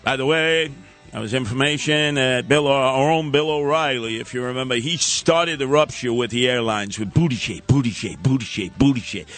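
A man's voice: medium pitch, moderate pace, fairly bright tone, faint music behind. A man hosting a talk radio show, ranting sarcastically with mocking sing-song asides.

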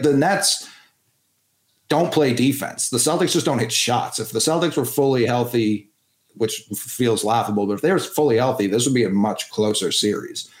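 A man's voice: mid-range voice, reverberant. A man from the Boston area, a guest on a sports talk show, giving blunt, opinionated takes.

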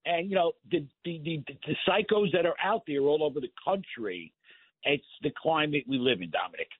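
A man's voice: a little high, lively intonation, fairly quick, no room sound. Older man caller on a phone line. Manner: conversational, storytelling. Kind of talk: call-in radio talk.

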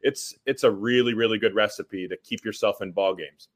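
Eager sports-writer guest from Illinois. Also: male voice, fairly low pitch, steady tone, normal speed. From central Illinois. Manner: eager, earnest analysis with repeated words. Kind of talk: casual sports analysis.

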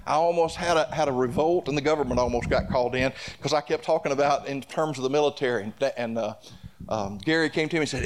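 A man's voice: medium pitch, fast, a little hiss or hum. A male pastor preaching a sermon, building to repeated declarations and telling stories with quoted dialogue.

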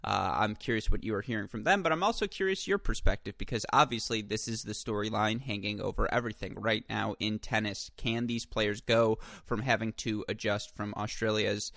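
A man's voice: on the low side, brisk, creaky, few pauses, a bit bright, dry recording, studio quality. A man hosting a podcast interview, chatty and joking, with frequent filler words. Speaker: podcast host.

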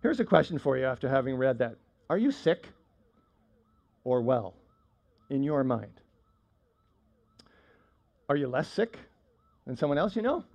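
A man's voice: medium pitch, sing-song, measured pace, vocal fry, long pauses, darkish tone, muffled recording. A man preaching a sermon in a conversational way, with frequent fillers and restarts. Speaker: pastor.

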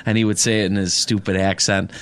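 A man's voice: on the low side, flat delivery, quick pace, fairly bright tone, clear, resonant tone. A man co-hosting a casual sports podcast, blunt and wry as he tells stories.

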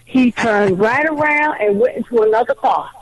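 A woman calling a talk radio show, telling her story in an animated, indignant way. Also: a little high, normal speed, crowd noise, poor audio. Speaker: caller.

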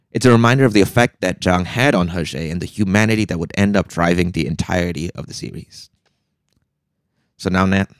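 A man hosting a podcast, narrating a scripted segment and chatting, in a measured, deliberate way. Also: sits low, no room sound, clean studio sound. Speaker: podcast host. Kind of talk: scripted narration and casual chat.

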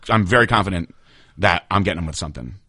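Dude rattling off stories fast on a podcast, bright voice, a bit low, cusses a lot. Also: male voice, breathy edge. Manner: animated storyteller, swears freely, acts out quotes. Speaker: podcast co-host. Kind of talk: casual chat.

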